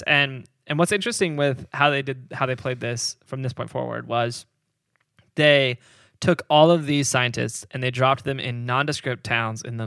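Gravelly, bright-voiced man chatting casually. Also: mid-range voice, no room sound, clean studio sound. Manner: rambling, laughs often, hedges on numbers. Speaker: podcast co-host. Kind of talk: casual history chat.

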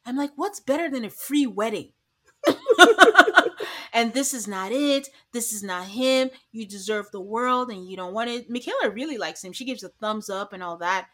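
A woman's voice: mid-range voice, moderate pace. A woman co-hosting a podcast, chatting casually and acting out lines from a reality show. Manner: animated, acts out quotes from the show. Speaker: podcast co-host. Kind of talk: casual recap chat.

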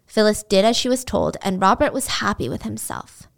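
A woman's voice: mid-range voice, very animated, normal speed, creaky. A woman casually retelling a true-crime story, chatty and blunt, swearing freely and filling her speech with "like.".

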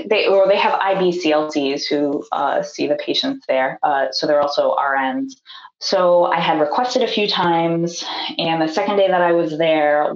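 Chatty woman, echoey lo-fi audio. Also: fairly low pitch. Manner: chatty, acts out quoted voices, many fillers. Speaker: podcast guest. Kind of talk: casual storytelling. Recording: echoey, dull remote audio.

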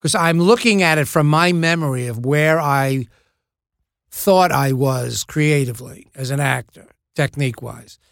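A man's voice: fairly high pitch, unhurried, gravelly, fairly bright tone, dry recording, studio quality. An older man, a guest actor, chatting casually and telling reflective stories in an interview. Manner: anecdotal, reflective storyteller.

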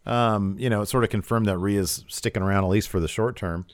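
A man co-hosting a casual chat, recapping events and retelling scenes in lively quoted voices. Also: fairly low pitch, a little fast, dry recording. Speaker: podcast co-host recapping wrestling.

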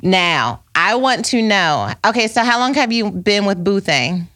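A woman's voice: medium pitch, lively intonation, unhurried, fairly bright tone. A woman with a mid-range voice hosts a casual faith talk. She jumps in to address her listeners with emphatic, sermon-like asides, then steers back to her questions. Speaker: host. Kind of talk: casual faith-based chat.

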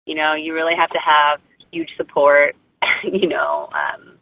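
A woman's voice: low voice, little pitch movement, a little slow, dry recording. A woman guest in a casual interview, telling her story in a heartfelt, rambling way full of "you know" and "like.". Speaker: guest mother sharing birth story. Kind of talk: casual interview over phone. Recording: tinny phone line.

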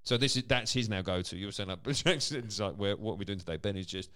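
A man's voice: lowish voice, no room sound, studio quality. A man, co-hosting a podcast as a dad in casual chat, laughing often. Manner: animated, quick, laughs often.

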